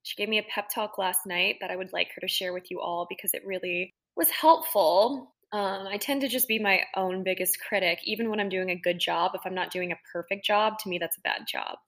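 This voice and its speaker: A woman's voice: mid-range voice, steady tone, fairly quick, hardly any pauses, sharp tone. A woman co-hosting a podcast, talking candidly and self-critically in casual chat. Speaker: podcast co-host.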